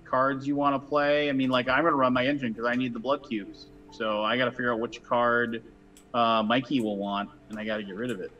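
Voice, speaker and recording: A man's voice: medium pitch, flat delivery, brisk, lo-fi sound, faint music behind. A man hosting a board game session, chatting casually and explaining rules with dry sarcastic asides. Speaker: board game show host.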